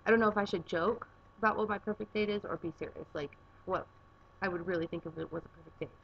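A woman's voice: on the low side, fast talker, vocal fry, highs cut off, a little hiss or hum. A young woman chatting casually on her vlog from her garage, rambling with plenty of filler words. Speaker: vlogger. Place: home garage.

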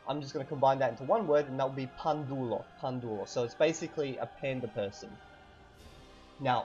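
A man teaching vocabulary in a casual lesson, repeating each word slowly with fillers. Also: mid-range voice, dark tone, highs cut off. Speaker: language teacher.

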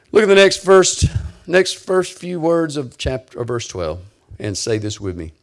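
A man pastor preaching a sermon, emphatic and at times near-shouting. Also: on the high side, normal speed.

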